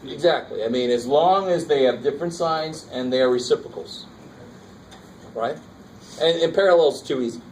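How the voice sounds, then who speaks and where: At normal speed, a man with a fairly high, slightly mellow voice teaches college math in a casual, engaged classroom lecture, frequently making sure students are following. A distant mic records him in a roomy room with faint noise.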